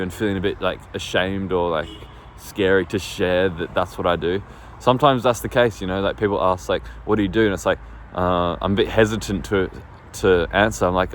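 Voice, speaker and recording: A man's voice: lowish voice, moderate pace. A man vlogging outdoors on his phone, telling a story in a rambling, casual way, full of fillers and swearing. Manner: rambling, lots of fillers and swearing, laughs often. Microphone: phone on small tripod. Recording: faint street and traffic noise.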